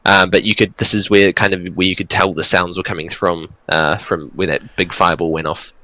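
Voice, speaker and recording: A man narrates as dungeon master in a relaxed, hesitant way, full of ums and restarts. His voice sits low but sounds bright. The recording is dry and close. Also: brisk, dry recording, low-quality recording. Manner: relaxed, hesitant, many fillers. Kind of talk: narrating a tabletop game.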